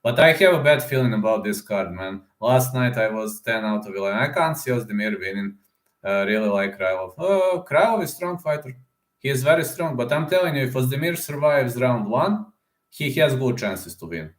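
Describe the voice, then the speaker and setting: With a mid-range voice, this host talks fairly quickly and with animation during a casual livestream full of fight predictions. He reads out the chat, uses plenty of fillers and "man," and the recording has a roomy echo.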